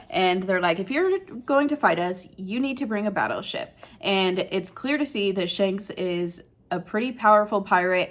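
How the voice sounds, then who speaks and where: A woman's voice: medium pitch, fairly bright tone. Chatty woman recapping a manga chapter. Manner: chatty and emotional, says "like" a lot. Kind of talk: casual chat recap.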